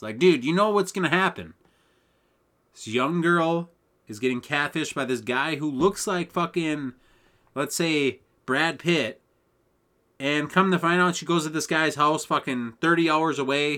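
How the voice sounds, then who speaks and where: A man's voice: fairly high pitch, bright, forceful tone. A man in his twenties hosting a solo podcast, ranting casually with lots of swearing and laughter. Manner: profane, rambling, laughs often. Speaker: podcast host.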